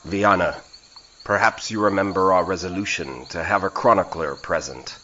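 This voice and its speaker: A man voicing a lion-like feline noble in an audio drama, measured, formal and persuasive. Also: sits low, pushed and bright, highs cut off, slight background noise. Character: lion-like male feline noble, calm diplomat. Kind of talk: indie audio drama acting.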